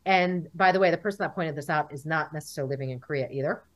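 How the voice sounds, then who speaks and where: A woman speaks as a guest in a relaxed interview. Her voice sits fairly low. She tells stories with energy and acts out the lines of the people in them. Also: rapid-fire. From United States. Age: 40s. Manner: animated storyteller, acts out dialogue. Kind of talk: casual interview.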